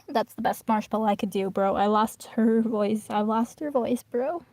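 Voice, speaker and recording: A woman's voice: a little high, steady tone, normal speed, few pauses, dark tone, dry recording. Slangy young woman reading a story aloud. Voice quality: slangy, chatty, breaks off to comment. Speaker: reader. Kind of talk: casual reading aloud of a fan story with commentary.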